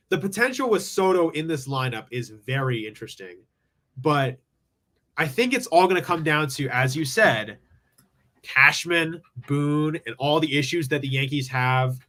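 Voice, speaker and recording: A man's voice: on the high side, lively intonation, moderate pace, pushed and bright. A man hosting a live call-in sports show, rambling through his takes with lots of "like" and restarts. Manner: rambling, thinks aloud with many "like"s. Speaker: sports talk show host. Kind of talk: casual live sports talk. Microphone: streaming from home with screen share.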